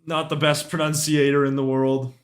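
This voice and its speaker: A man's voice: a little high, flat delivery, moderate pace. A young man streaming music reviews in casual chat, laid-back, swearing freely and trailing off with shrugging asides.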